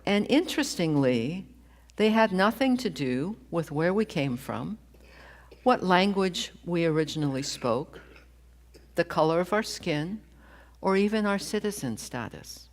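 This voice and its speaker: Woman minister preaching real slow and thoughtful, lowish voice. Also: animated. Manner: slow, deliberate, reflective delivery. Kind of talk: sermon. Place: church sanctuary.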